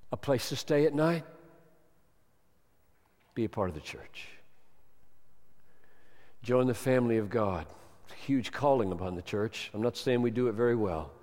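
A man preaching a sermon with fervent emphasis, swinging from loud declarations to hushed tones. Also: medium pitch. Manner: impassioned preaching with sudden swings from loud to soft. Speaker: pastor. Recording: long hall reverb.

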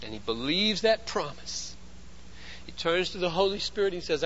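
A man preaching a sermon as pastor, emphatic, swinging between loud urgency and hushed intensity. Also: high-pitched, big pitch swings, moderate pace, dull audio, slight background noise.

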